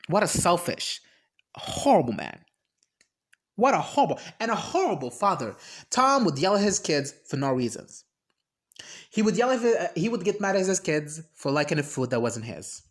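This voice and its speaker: Reaction vlogger, ranting, profane, heated, mid pitch, laughs mid-sentence, casual commentary. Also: sing-song, moderate pace, long pauses, a bit bright. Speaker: reaction video host.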